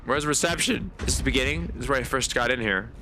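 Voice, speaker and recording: A man's voice: medium pitch, fast, music in the background. A man giving chatty live commentary on a horror game, swearing often and talking to his viewers. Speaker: game streamer.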